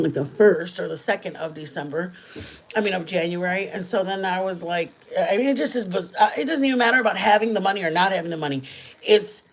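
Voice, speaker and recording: A middle-aged woman hosting a casual home-kitchen live stream, chatting in a rambling, warm way with her viewers. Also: fairly low pitch, poor audio. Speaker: channel host. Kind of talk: casual chat while cooking, live stream.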